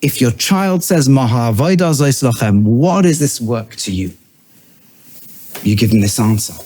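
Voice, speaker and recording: A middle-aged man, a rabbi, giving a teaching lecture, swinging between high emphatic bursts and low quiet asides, and weaving in Hebrew terms he then translates. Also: expressive, moderate pace, breathy edge. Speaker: rabbi and educator.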